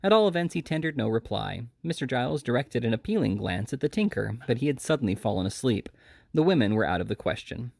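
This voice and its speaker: A man reading a classic novel aloud as an audiobook, lively and expressive, with small slips and restarts. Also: medium pitch, fast talker, gravelly, dry recording. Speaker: audiobook reader.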